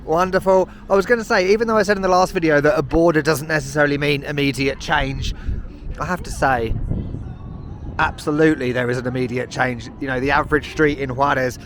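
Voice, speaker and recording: A man's voice: fairly high pitch, fairly even intonation, a little fast, slight background noise. A British man narrating a walking travel vlog outdoors on city streets, chatty and self-mocking with sarcastic asides. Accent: British English. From United Kingdom. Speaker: travel vlogger.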